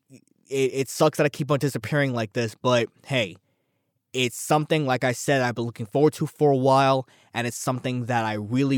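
A man's voice: medium pitch, dry recording. A young man talks through a casual solo podcast in a rambling, self-deprecating way, tripping over repeated words. He sounds a little out of breath. The recording is dry and close, with a mid-range voice. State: a bit out of breath from overeating. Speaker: podcast host.

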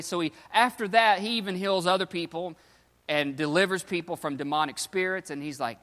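A man's voice: high voice, moderate pace, pushed and bright, long reverb tail. A man preaching a sermon, retelling scripture in casual, slangy storytelling. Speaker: pastor.

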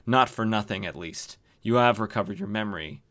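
Man reading composed warrior woman, measured, low. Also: fairly bright tone, natural voice. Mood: calm. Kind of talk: reading comic dialogue aloud.

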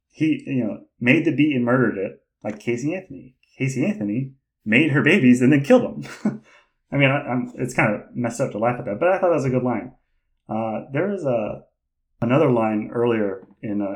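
A man hosting a podcast in casual chat, rambling and hesitant with lots of fillers and restarts, laughing often and getting excited. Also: mid-range voice, rough recording. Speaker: podcast host.

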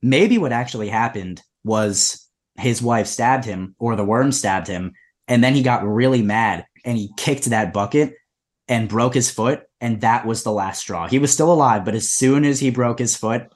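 Young man riffing absurd stories deadpan. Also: mid-range voice, normal speed. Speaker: podcast co-host. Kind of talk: comedic casual chat.

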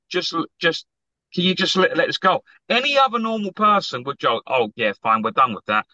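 A man telling a story with plenty of energy, putting on voices for everyone he quotes and swearing as he goes. His voice sounds bright and a little raised, with a dry, dull quality like a call recording. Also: a little high, no echo. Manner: animated storyteller, acts out quotes, swears freely. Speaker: podcast co-host telling a story. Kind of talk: casual storytelling chat.

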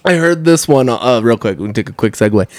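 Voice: mid-range voice, animated, no room sound. Teasing, joking podcast co-host. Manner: teasing, profane, quick jokes. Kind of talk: casual comedic chat.

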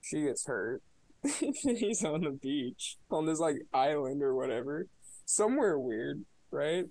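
A man's voice: a little high, expressive, a little slow, a little mellow, no room sound, rough recording. A man co-hosting a podcast, giving a casual movie review in a sarcastic, profane, mocking way. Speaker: podcast co-host.

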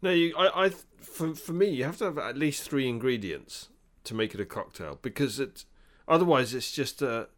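A man's voice: mid-range voice, lively intonation, moderate pace, few pauses, fairly bright tone. A man co-hosting a podcast, joking and giving firm opinions in a casual chat. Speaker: podcast co-host.

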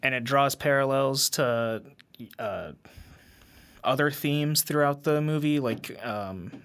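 Man, podcast co-host, casual film talk, slow delivery, bright forceful tone. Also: mid-range voice, clean tone. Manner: unhurried plot recap with fillers. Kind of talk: casual film review chat.

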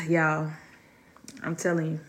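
Speaking slowly in a low, flat voice, a woman hosts a solo podcast from her dining room. She talks to her listeners candidly and from the heart, confiding in them and calling them "y'all."

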